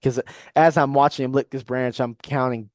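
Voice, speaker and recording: A young man telling a hunting story on a podcast in a casual, animated way, often asking "you know what I mean". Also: medium pitch, moderate pace, no echo. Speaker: podcast guest.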